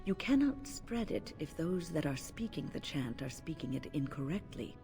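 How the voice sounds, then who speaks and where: An actress voicing a calm older female mage in a video game who lectures patiently and chides gently. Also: sits low, normal speed, soft background music. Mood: chiding. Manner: patient, chiding tone.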